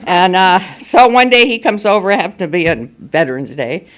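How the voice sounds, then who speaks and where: A woman's voice: on the low side, big pitch swings, brisk. An older woman speaking at a recovery meeting, telling her personal story candidly and with humor. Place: meeting room at a school.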